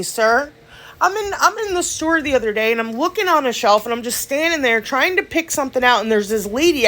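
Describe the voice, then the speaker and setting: Young woman, nail vlogger, slightly high and very lively, casual and chatty. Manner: animated storytelling, chatty, swears. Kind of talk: casual rant and tutorial chat.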